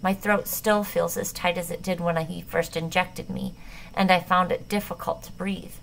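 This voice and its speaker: A woman narrating a novel in the first person, measured and tense. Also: fairly low pitch, flat delivery, vocal fry, fairly bright tone, slight background noise, rough recording. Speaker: audiobook narrator.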